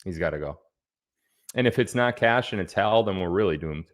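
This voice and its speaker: A man's voice: low voice, animated, normal speed. A man hosting a casual livestream, chatting loosely and reading out where viewers are from. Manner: chatty, reads out viewer locations. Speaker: livestream host.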